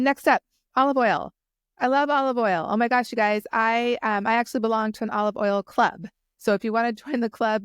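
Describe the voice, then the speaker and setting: A woman's voice: medium pitch, clean tone, dry recording, studio quality. A woman hosting a solo podcast, talking casually and enthusiastically, rambling with many restarts and fillers. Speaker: podcast host.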